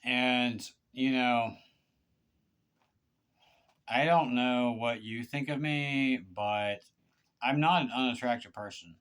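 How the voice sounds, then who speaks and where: A man giving a confessional monologue to one person, halting and aggrieved, with stammered restarts and repeated words. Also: mid-range voice, fairly even intonation, a bit bright, clear, resonant tone. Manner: aggrieved, pleading. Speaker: vlogger.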